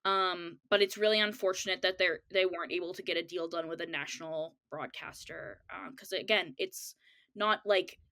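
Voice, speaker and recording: A woman's voice: fairly low pitch, fairly even intonation, normal speed, pushed and bright. A woman co-hosting a podcast, talking in an easygoing, agreeable way and laughing along. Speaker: podcast co-host. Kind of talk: casual chat.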